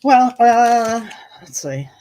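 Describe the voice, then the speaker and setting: A woman's voice: a little high, animated, very slow, warm tone, slight background noise, poor audio. Chatty Southern American woman. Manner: chatty storyteller, mimics accents she hears. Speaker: co-host of a couple's channel. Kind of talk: casual chat.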